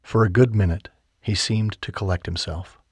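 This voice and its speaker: A man narrating a romance audiobook in a calm, measured and soft manner, on a close studio mic. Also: lowish voice, breathy edge, no echo. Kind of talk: scripted narration.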